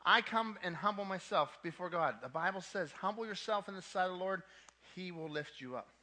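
A man's voice: sits high, a little fast, bright, forceful tone. A man preaching a sermon to a young adult ministry, emphatic, with casual asides, and repeating his key points twice.

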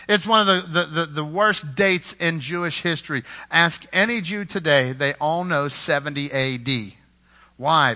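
A man preaching a sermon, impassioned, rising to loud emphasis and dropping to a hush, repeating words as he builds a point. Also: a little high. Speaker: pastor.

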